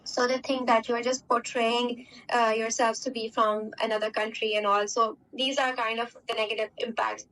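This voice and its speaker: A woman's voice: on the high side, flat delivery, normal speed, hardly any pauses, a bit bright. A young woman from Pakistan, speaking English with a Pakistani accent, answers interview questions in a chatty way full of fillers and tag questions. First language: Urdu. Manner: chatty, many fillers and "right?" tags. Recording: distant mic with faint background hum.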